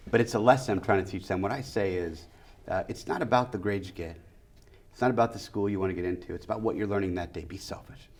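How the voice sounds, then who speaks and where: Man, middle-aged, very low pitch, emphatic, repetitive phrasing, interview answers. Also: darkish tone. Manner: emphatic, repeats key phrases in lists. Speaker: school district superintendent.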